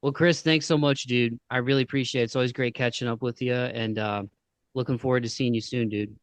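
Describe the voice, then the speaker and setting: A man's voice: mid-range voice, steady tone, fairly quick, clean tone, dry recording. A man with a Midwestern accent hosting a podcast, chatting casually with lots of slang. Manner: laid-back, slangy, says "dude" and "man" often. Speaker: podcast host. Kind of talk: casual interview chat.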